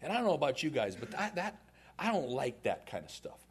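A man's voice: mid-range voice, a little fast, husky. A man in his forties, preaching a sermon and telling stories animatedly. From United States. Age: 40s. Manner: animated, laughing through anecdotes. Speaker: pastor. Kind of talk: storytelling sermon.

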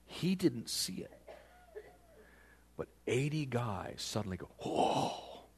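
A man preaching a sermon, retelling a scripture story with animated storytelling and questions put to the listeners. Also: medium pitch, takes it slowly, gravelly, slightly rough. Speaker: pastor.

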